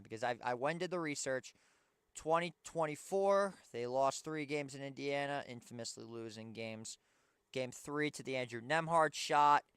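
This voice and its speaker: A man's voice: mid-range voice, fairly bright tone, clear, resonant tone, no room sound. Young male fan-host, tired and frustrated, clean resonant voice, dry room. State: tired, yawning. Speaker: sports show host. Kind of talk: pregame basketball commentary.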